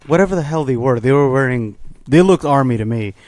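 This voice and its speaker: A man's voice: mid-range voice, animated, a little fast, darkish tone, a little hiss or hum. A man co-hosting a podcast, ranting bluntly and profanely in casual chat. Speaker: podcast co-host.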